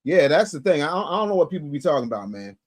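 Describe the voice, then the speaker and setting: A man hosting a commentary show who reacts to clips in an animated, mocking way, with loud bursts and stammered restarts. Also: on the high side, racing. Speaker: show host.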